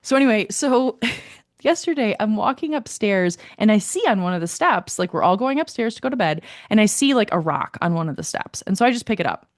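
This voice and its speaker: A woman co-hosting a casual podcast, telling a story with lots of laughter and acted-out quotes. Her voice swings widely in pitch as she talks. The sound is dry and close, with no room around it. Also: fairly quick, dry recording. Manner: animated storyteller, laughs often, acts out quotes. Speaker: podcast co-host. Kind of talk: casual chat.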